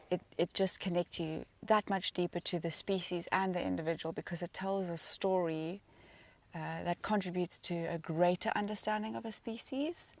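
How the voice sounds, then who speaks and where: A woman's voice: fairly low pitch, darkish tone. A woman presenting a live safari broadcast, chatting easily and reading out viewer comments with a laugh.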